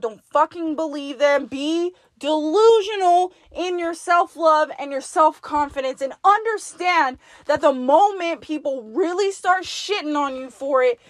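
Addressing herself as "you," a high-voiced woman podcast host delivers a blunt, insistent, profanity-laced pep talk in a solo monologue. The sound is close and dry, without any echo.

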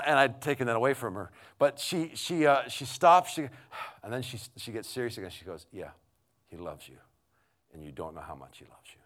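A middle-aged man preaching in a conversational storytelling way, halting and restarting often, dropping to a hush and then rising loud. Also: mid-range voice. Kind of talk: storytelling sermon.

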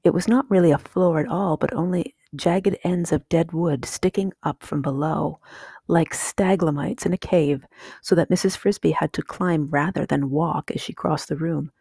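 Hushed, husky woman reading a story. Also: deep voice, dry recording. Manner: slow and hushed. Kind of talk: soft whispered storybook reading.

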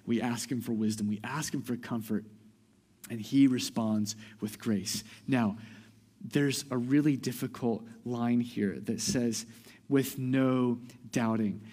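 A man's voice: mid-range voice, fairly even intonation, measured pace, slightly rough, in a large hall. Man preaching with rising intensity. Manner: conversational, repeats words, builds to loud emphatic preaching. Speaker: pastor. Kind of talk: sermon.

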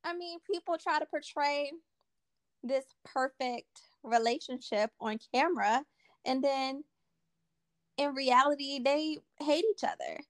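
A woman's voice: high voice, a little slow, a bit bright, dry recording. A woman hosting a podcast conversation, talking earnestly and repeating her key points for emphasis. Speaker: podcast host.

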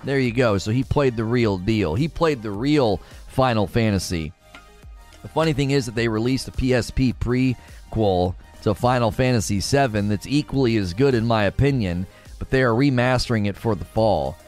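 A man hosting a casual gaming live stream, jokey and animated, with loud bursts and quiet mutters. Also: medium pitch, normal speed, faint music behind.

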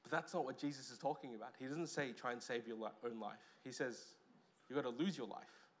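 A man with an Australian accent preaching a sermon as pastor, lively, with loud stresses and quiet asides. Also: mid-range voice, a little fast, a little hiss or hum.

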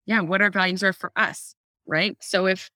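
With a medium-pitched voice at a moderate pace and no room sound, a woman chats casually about parenting on a podcast. She's animated, laughs often and acts out her own inner dialogue.

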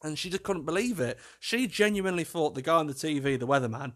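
A man's voice: fairly high pitch, fast talker. A man, hosting a casual solo podcast, chatty and self-mocking, laughing often as he tells stories. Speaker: podcast host.

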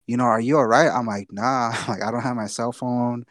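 A man's voice: mid-range voice, fairly even intonation, moderate pace, fairly bright tone, no room sound, studio quality. A young man from Texas telling a long personal story on a podcast, casual and profane, often repeating himself. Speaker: podcast co-host.

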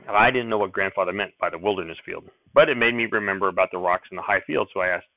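A man narrating a first-person story as an audiobook reader, in a plain, steady storytelling way. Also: low voice, fast, hardly any pauses, no echo, narrow, tinny audio.

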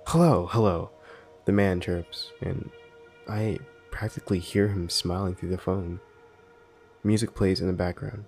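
A man narrating a scary story in a measured, scripted way. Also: sits low, little pitch movement. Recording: quiet ambient music behind.

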